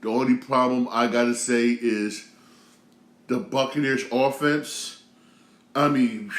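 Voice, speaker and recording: A man in his thirties rants as the host of his own talk show, his voice heated and full of slang, circling back over the same phrases. He speaks at a middle pitch, and the room around him rings with a noticeable echo. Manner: repetitive, heated, slangy, many restarts. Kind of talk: casual rant commentary.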